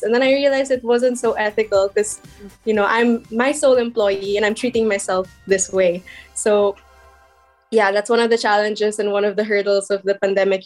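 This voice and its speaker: A young woman who runs a small crochet shop, chatting casually in an interview, laughing often and filling with "like" and "um.". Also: mid-range voice. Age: young adult. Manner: giggly, chatty, many fillers. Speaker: guest, crochet shop owner.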